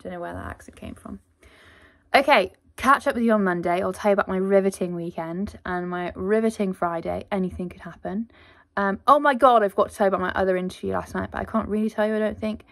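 A woman's voice: medium pitch, fast, gravelly. A woman vlogger talking casually to camera in a rambling, chatty, self-deprecating diary style.

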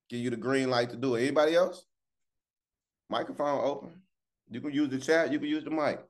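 A man hosting a casual morning devotional on a video call, lively and preachy, calling out to listeners by name. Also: mid-range voice, a little fast, pauses often. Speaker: morning show host.

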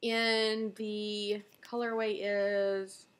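With a mid-range voice that barely moves in pitch, she draws out her words. The Southern US woman is hosting a knitting video podcast, casually and enthusiastically chatting through her projects and using plenty of fillers.

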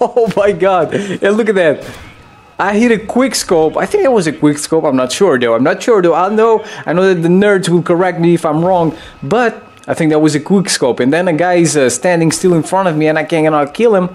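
A young man giving loose, excitable gameplay commentary, swearing freely and jumping into high yelps.

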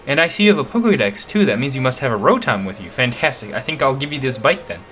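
Brief: prim eager townsman played by a man, formal and chipper, bright voice. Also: medium pitch, very animated, fast. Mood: delighted. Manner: formal, old-fashioned, gushing. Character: polite fussy male townsman, eager inventor.

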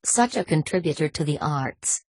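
Stern old scholar guy, read by a woman, cold and formal, low husky voice. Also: expressive, normal speed, darkish tone, full character voice. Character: stern, wary older male scholar.

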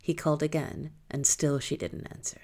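A woman reading a folktale aloud in a lilting, expressive storytelling manner. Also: deep voice, normal speed.

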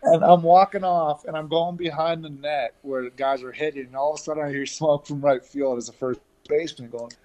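A man from Canada telling stories as an interview guest over a video call, relaxed and chatty with lots of fillers and restarts. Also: a little high, a little fast, few pauses. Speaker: interview guest, former pro baseball player.

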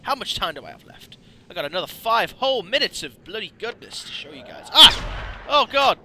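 An excitable man commentates his gameplay in a high voice that leaps all over the place. The noisy home recording has clear background noise running under him. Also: brisk. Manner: excitable, yelps and swears at the game. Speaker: let's play host.

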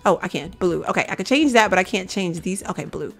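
Her voice sits lowish, a bit bright, with lively intonation and a fast pace. A gaming video creator, she offers casual commentary, chatting to her viewers with "y'all" and coaxing and scolding the characters in her game.

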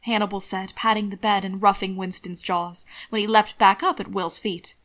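A woman reading a fan fiction story aloud as narrator, in a calm, measured way. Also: medium pitch. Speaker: audiobook reader.

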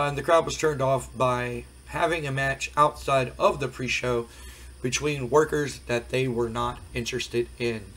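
A hoarse man casually commenting on a wrestling management game, rambling with many fillers. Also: medium pitch, fairly bright tone, low-quality recording. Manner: rambling, frequent fillers, recapping results. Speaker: game streamer. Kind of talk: casual let's play commentary.

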